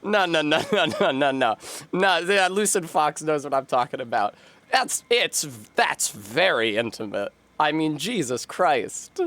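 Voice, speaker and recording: A man's voice: fairly high pitch, very animated, unhurried, fairly bright tone. A man chatting casually while live-streaming a game, rambling in a chatty way, full of fillers and self-interruptions.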